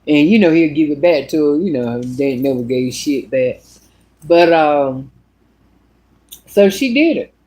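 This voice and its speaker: A woman's voice: deep voice, measured pace, pauses often. A woman telling a story in a casual vlog monologue, blunt and full of cussing. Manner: blunt, profane, animated. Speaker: vlogger.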